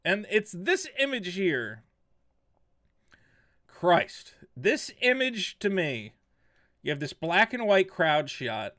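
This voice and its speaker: Sarcastic man with a fairly high voice. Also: a bit bright. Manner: sarcastic, mocking; rambling with restarts. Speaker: commentary host. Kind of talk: casual online commentary.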